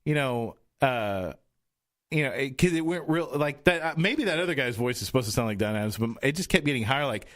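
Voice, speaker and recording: A man's voice: mid-range voice, animated, brisk, fairly bright tone. Guy rambling on a studio chat show, keeps restarting, mid-range voice. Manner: rambling, trailing off, many restarts. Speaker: podcast host. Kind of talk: casual chat. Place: radio studio.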